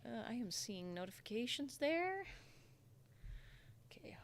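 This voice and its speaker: A woman's voice: medium pitch, lively intonation, a little slow, fairly bright tone. A young woman streaming live at home into a desk microphone, chatting casually and rambling to herself as she works and answers chat. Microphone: desktop microphone.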